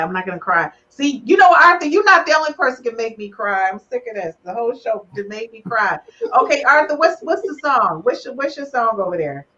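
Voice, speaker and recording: A woman hosts a relationship podcast with a slightly high voice. She teases her guests and gets emotional. The audio is dull and lo-fi, like a live stream. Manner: animated, teasing, emotional. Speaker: podcast host. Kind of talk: lively relationship podcast chat.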